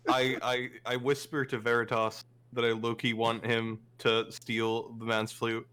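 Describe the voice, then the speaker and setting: A man's voice: mid-range voice, monotone, measured pace, a bit bright, clear, resonant tone. A man playing a tabletop game, swearing freely and laughing a lot. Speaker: player. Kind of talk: casual tabletop game chat.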